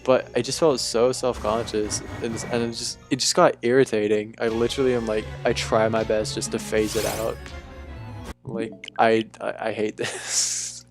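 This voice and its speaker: A man's voice: lowish voice, level tone, moderate pace, over music. A young man from Bermuda with a mixed, faintly English-tinged neutral accent, chatting casually and rambling on a live stream, swearing freely.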